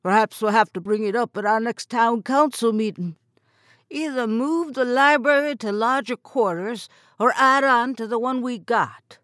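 A woman's voice: fairly high pitch, moderate pace, fairly bright tone, dry recording, clean studio sound, pitched above the performer's own voice, lightly acted. A woman voicing a jovial older male lighthouse keeper with a folksy, hearty way of talking.

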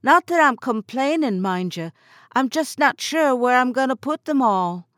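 A woman performs an earnest young librarian, pitching her voice above her natural register. Her high voice is expressive and fairly bright, with a slightly slow delivery. The recording is dry and studio-clean.

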